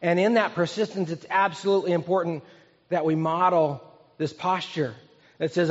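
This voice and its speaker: Pastor guy in his 50s preaching, higher voice, chatty, echo off a big hall, kinda muffled. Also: fairly even intonation, moderate pace. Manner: earnest, conversational preaching with audience questions. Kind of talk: sermon. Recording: echoey hall, dull sound.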